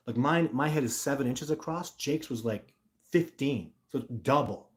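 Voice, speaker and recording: A man's voice: medium pitch, moderate pace. Talkative blunt Canadian man hosting live. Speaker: livestream host. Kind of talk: live-stream chat answering viewer comments.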